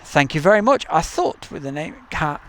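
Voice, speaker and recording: Speaking a little high, very animated and at normal speed, this man has a fairly bright tone and an East Midlands accent from England. Recorded on a camcorder mic outside near an airport at night, he hosts a relaxed live stream and chats while reading out viewer messages.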